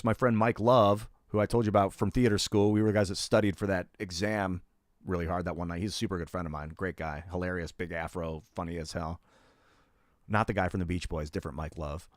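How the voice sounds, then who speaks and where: Speaking fast and in a steady, lowish voice, a middle-aged man rambles through personal stories during a live stream, swearing often and leaning on fillers. The studio-quality audio has no echo.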